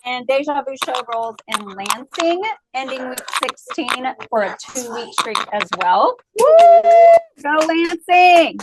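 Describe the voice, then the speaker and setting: A woman reading out team shoutouts in a meeting, bubbly and cheering between each item. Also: a little high. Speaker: presenter of shoutouts. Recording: noisy call audio.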